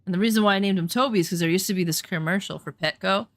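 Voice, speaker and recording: A woman telling rambling, animated anecdotes in a casual chat, full of swearing. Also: mid-range voice, very fast, dry recording. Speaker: storyteller.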